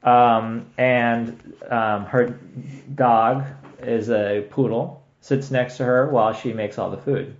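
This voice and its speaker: A man's voice: mid-range voice, steady tone, takes it slowly. A man co-hosting a podcast in a casual, rambling chat, laughing often. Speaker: podcast co-host. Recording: echoey room, dull lo-fi sound.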